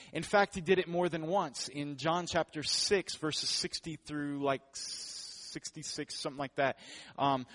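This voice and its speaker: Male pastor, slightly high voice, casual jokey sermon delivery. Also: fairly bright tone. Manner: joking, conversational preaching.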